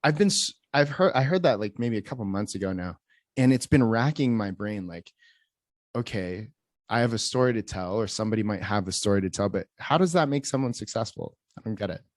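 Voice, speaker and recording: Young man, podcast host, low voice, hesitant questioning, dry close sound. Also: expressive, fairly quick, no room sound. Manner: searching, hesitant phrasing. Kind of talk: interview question.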